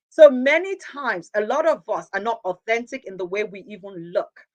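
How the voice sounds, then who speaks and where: A woman in her thirties hosts a motivational podcast, delivering a reflective monologue earnestly, with rhetorical questions and repeated phrases for emphasis. Her voice is on the high side, at a normal speed with hardly any pauses, on a low-quality recording.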